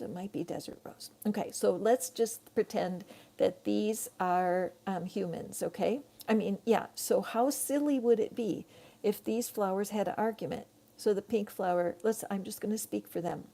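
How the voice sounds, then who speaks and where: Middle-aged woman hosting a live tarot reading; loose, rambling chat with viewers, slight gravel, darker tone. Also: medium pitch, normal speed. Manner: chatty, rambling, warmly addresses viewers. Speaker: tarot reader.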